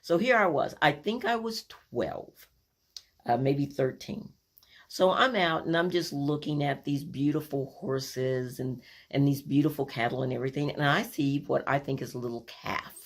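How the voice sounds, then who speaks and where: A woman telling a personal family story, animated and acting out the scenes as she goes. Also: extremely low pitch, moderate pace.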